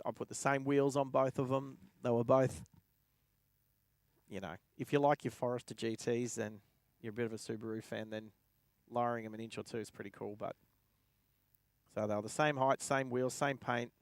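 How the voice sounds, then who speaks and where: Gravelly Australian bloke telling a story. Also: male voice, medium pitch, fairly even intonation, moderate pace, no room sound. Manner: rambling anecdote, chuckling to himself. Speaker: driving livestream host. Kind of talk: casual storytelling while driving. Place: inside a car.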